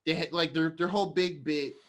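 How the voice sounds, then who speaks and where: Man, podcast co-host, casual rambling talk, fairly high voice, acts out scenes. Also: steady tone, brisk.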